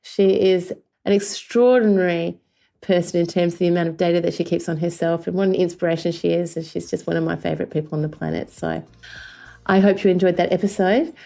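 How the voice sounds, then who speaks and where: A woman's voice: on the low side, steady tone, brisk, vocal fry, warm tone. A woman with an Australian accent, a podcast host giving an effusive, enthusiastic outro with occasional fillers. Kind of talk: scripted-sounding solo outro.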